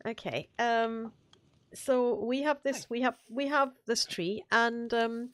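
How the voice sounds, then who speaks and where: A woman's voice: on the high side, takes it slowly, no room sound. A woman co-hosting a gaming live stream, chatting casually and telling rambling, playful stories.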